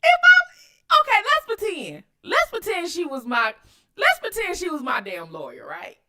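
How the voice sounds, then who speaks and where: A woman hosting her own channel, giving loud, cussing commentary on video clips and talking straight to her viewers. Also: very high-pitched, normal speed. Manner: animated, cussing, addresses viewers directly. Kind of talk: casual commentary while watching clips.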